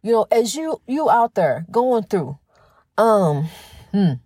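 A middle-aged woman hosting a faith-based talk program in a casual spiritual monologue. She talks fast with a slight stutter, restarts often, and keeps calling her listeners "honey". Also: medium pitch, big pitch swings, warm tone, husky, no room sound, clean studio sound. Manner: folksy and emphatic, says "honey" often.

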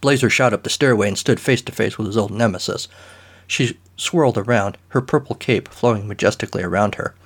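A man narrating a comic story in a dry, deadpan manner. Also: fairly low pitch, brisk.

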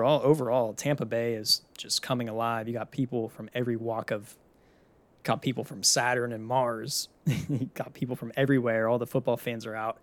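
A young man from the Pittsburgh area, hosting a casual solo podcast, talking in a loose, chatty way with casual swearing. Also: medium pitch. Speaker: podcast host.

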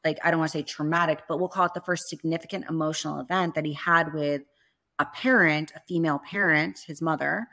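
A woman's voice: deep voice, steady tone, fast talker, sharp tone. A woman talking as a guest on an interview show, telling a story in a chatty way full of "like" fillers.

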